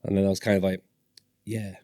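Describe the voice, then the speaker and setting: A man's voice: on the low side, a little fast, darkish tone, no echo, studio quality. A man from northern England in his forties, a podcast guest telling stories casually and animatedly, swearing and acting out voices. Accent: Northern English. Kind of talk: casual storytelling.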